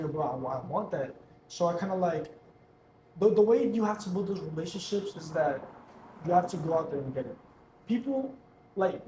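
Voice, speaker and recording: Young man, high pitch, mellow dark tone, roomy echo, earnest slangy pep talk. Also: slight background noise. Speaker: guest entrepreneur. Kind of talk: casual motivational talk.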